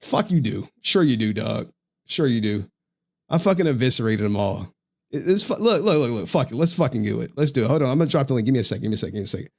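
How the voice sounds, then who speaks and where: A man's voice: medium pitch, animated, quick pace, vocal fry. A man on a livestream ranting in a slangy, profane, trash-talking style, laughing often. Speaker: streamer.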